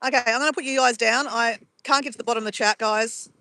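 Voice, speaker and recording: A chatty woman with a bright, fairly high voice talks live to her viewers from her phone. She walks outdoors at sunrise, reading out chat messages as she goes. The sound is close and dry. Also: fairly even intonation, fast talker, no echo. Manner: chatty, greets viewers by name and reads chat aloud. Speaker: live streamer. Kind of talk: casual live-stream chat.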